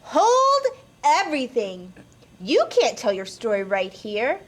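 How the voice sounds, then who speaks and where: A woman voicing a bossy, busy young man who narrates and keeps cutting in impatiently. Her voice is high and lively, with a slow, drawn-out pace. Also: a little hiss or hum, heavily acted. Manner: impatient, interrupting.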